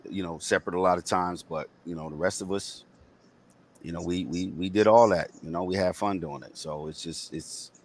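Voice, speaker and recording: A man's voice: low voice, steady tone, moderate pace. A man in his fifties with a nasal voice, hosting a casual talk stream and rambling through memories with frequent restarts. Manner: rambling, self-correcting, laughs often. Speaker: podcast host. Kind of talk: casual chat.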